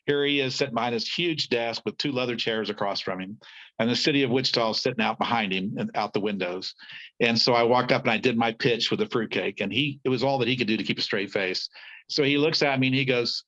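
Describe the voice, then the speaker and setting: Man in a mid-range voice, animated storyteller, slightly muffled recording. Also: medium pitch, fast talker. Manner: lively anecdote-teller, acting out the people he quotes. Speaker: podcast guest. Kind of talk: storytelling in a conversation.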